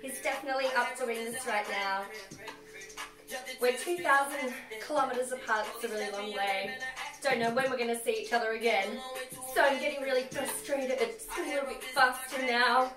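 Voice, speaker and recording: A woman's voice: fairly high pitch, steady tone, normal speed, distant mic. An Australian woman leading a comedic workout class livestream, cheeky and sassy as she coaches the moves while exercising. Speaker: fitness instructor. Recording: roomy, off-mic, music behind. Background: workout music.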